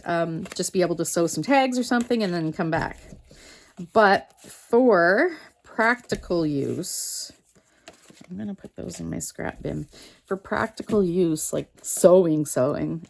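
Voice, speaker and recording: A woman's voice: medium pitch, a little mellow. Rambling chatty woman sorting craft supplies. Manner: rambling, self-interrupting, talks to viewers. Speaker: art vlogger. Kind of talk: casual chatty studio vlog. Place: home art studio.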